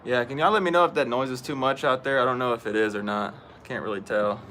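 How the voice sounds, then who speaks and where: Male stream host, very bright, forceful tone, easygoing outdoor chat. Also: mid-range voice, quick pace, slight background noise. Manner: chatty, greets viewers by name. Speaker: fishing livestream host. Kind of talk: casual live-stream chat. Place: outdoors at home.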